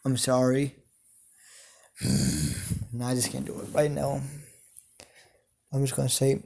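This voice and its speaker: Man reading improvised fan fiction, slow, halting delivery with gravelly fry. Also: medium pitch, big pitch swings, a little mellow. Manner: halting, full of hesitations. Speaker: storyteller.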